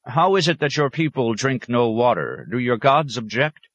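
A man voicing a clever male scholar who speaks in a courteous, measured, diplomatic way. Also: medium pitch, lively intonation, a bit bright, no room sound, pitched above the performer's own voice. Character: polite, clever male scholar, a traveling outsider.

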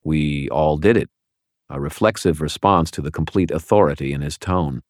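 A man narrates a first-person audiobook with wry, dry timing. His voice is very low. The booth recording is dry and close. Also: moderate pace, no echo.

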